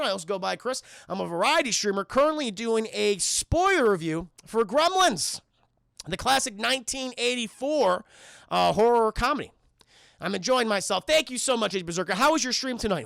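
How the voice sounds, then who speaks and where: A young man streaming a casual, profane spoiler recap, talking excitedly to his chat. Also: very high voice, fairly quick, creaky, dry recording, studio quality. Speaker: streamer and film reviewer.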